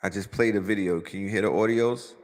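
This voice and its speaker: A man hosting a podcast, giving animated, profane commentary in street slang. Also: on the low side, fairly quick, big-room sound. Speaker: podcast host. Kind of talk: casual conspiracy commentary.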